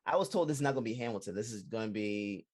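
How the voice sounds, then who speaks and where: Man, co-host, video call, emphatic, animated pitch, repeats himself. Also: rapid-fire. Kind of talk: casual chat.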